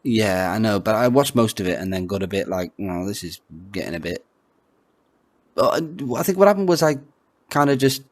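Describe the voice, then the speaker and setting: A man's voice: lowish voice, dry recording. A man co-hosting a casual podcast, giggly and teasing in his banter. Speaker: podcast co-host. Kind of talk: casual chat.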